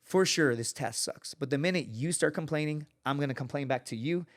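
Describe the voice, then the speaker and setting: Animated, profane storytelling podcast guest. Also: male voice, fairly high pitch, a little fast. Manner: animated storyteller, acts out quotes, swears often. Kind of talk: casual storytelling.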